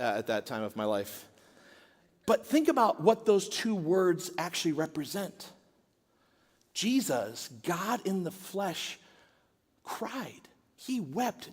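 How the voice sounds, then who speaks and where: Middle-aged male pastor, chatty storytelling sermon delivery, higher register, recorded with a long hall tail. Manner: conversational storytelling preacher. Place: church sanctuary.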